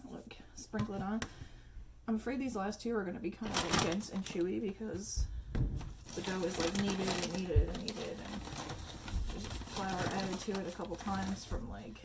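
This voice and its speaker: A woman's voice: medium pitch, fairly even intonation, normal speed, heavy background noise. Chatty woman rambling through a home cooking demo. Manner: chatty, rambling, laughs often, many fillers. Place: home kitchen. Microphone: phone camera.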